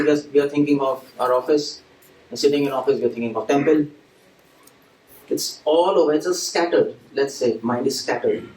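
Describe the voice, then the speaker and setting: Before a live audience in a temple hall full of echo, a man with a high-leaning, darkish voice gives a devotional lecture. His style is conversational, with questions tossed to listeners and small scenes acted out, all caught by a faraway mic along with faint ambient noise.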